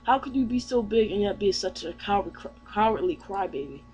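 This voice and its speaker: A man voicing a brash, hungry young male pirate captain who talks loud, blunt and whiny. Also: high-pitched, animated, fairly quick, a little hiss or hum. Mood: annoyed.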